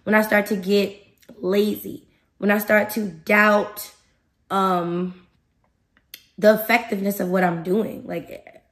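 An animated woman hosts her podcast in a casual motivational talk, with a mid-range voice. She speaks straight to her listeners and is emphatic, often acting out her own thoughts aloud. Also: medium pitch. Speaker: podcast host.

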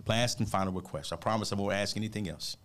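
A man's voice: on the low side, quick pace, a bit bright. A man who is a motivational speaker, telling an emotional personal story as a radio guest in an earnest, preachy way, often saying "man".

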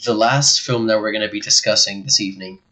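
A man's voice: lowish voice, quick pace, sharp tone, rough recording. Easygoing man chatting about movies. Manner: laid-back, with fillers and restarts. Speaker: podcast co-host. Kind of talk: casual movie discussion.

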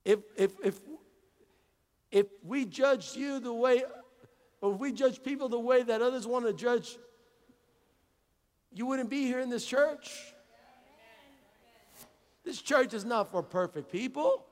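A male pastor with a very high-pitched voice preaches a conversational sermon in a church sanctuary, the large hall audible. He speaks unhurriedly with long pauses, repeating phrases and acting out little dialogues for his congregation.

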